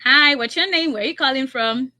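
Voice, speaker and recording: A young woman with a Nigerian accent runs a live call-in game on the radio, her voice high and bright with a sharp edge. She laughs often and teases callers. She slows right down for the phone numbers. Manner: repeats phone numbers slowly and clearly.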